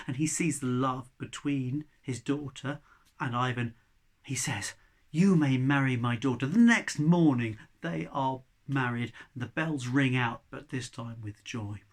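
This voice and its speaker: Male storyteller, oral folk tale, dramatic, loud to hushed whisper. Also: medium pitch.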